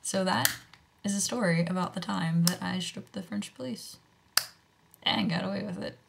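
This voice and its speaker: A woman's voice: on the low side, fairly even intonation, moderate pace, vocal fry, heavy background noise. An American woman telling a story in a chatty, casual way, full of fillers and with whispered asides. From United States. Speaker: vlogger.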